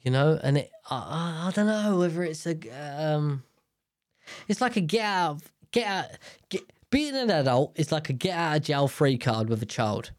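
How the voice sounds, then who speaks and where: A young podcaster talks by himself in an offhand, wandering monologue, dropping frequent swear words and breaking off his own sentences. His voice is on the high side and animated, at normal speed, with clean studio sound and no echo.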